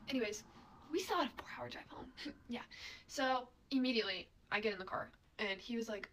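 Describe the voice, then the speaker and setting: A young woman tells a casual storytime, chatty and full of fillers. Her voice sits a bit high, and she slips into whispered asides now and then. A faint hiss runs under the recording. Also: fairly quick, a bit bright.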